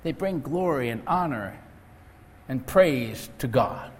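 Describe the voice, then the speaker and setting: A man's voice: mid-range voice, animated, slow. A male pastor preaching an earnest sermon and telling stories. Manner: earnest preaching, storytelling with acted quotes. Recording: echoey hall, faint noise.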